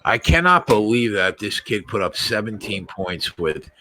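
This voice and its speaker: Very low, bright-edged male voice. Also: a little slow, rough recording. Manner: animated, self-mocking about bets. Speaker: sports bettor co-host. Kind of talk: casual live game chat.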